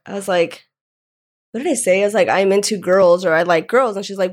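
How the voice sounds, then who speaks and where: A woman's voice: medium pitch, normal speed. A young woman from Southern California, candidly telling a personal story in a casual chat, often laughing. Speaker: guest.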